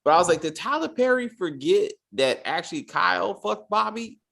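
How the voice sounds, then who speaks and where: A man co-hosting a casual TV review podcast, swearing freely and acting out characters' lines in quick exasperated bits. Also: sits high, very animated, vocal fry, a bit bright. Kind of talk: casual spoiler review chat.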